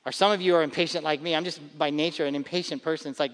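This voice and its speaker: A man's voice: on the high side, fairly even intonation, rapid-fire, big-room sound. A man in his thirties preaching a sermon as a pastor, conversational and emphatic, often repeating words as he builds a point.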